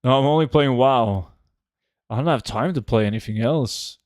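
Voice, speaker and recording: A man's voice: medium pitch, normal speed, darkish tone, dry recording, clean studio sound. Laid-back streamer man. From Norway. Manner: laid-back, chatty, loose with fillers. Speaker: game streamer. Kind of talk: casual livestream chat, reading chat aloud.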